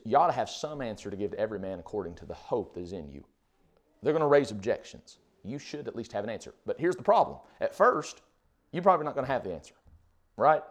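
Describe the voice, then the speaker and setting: Conversational preacher with animated delivery. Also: male voice, mid-range voice. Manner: conversational, full of rhetorical questions. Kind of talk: sermon.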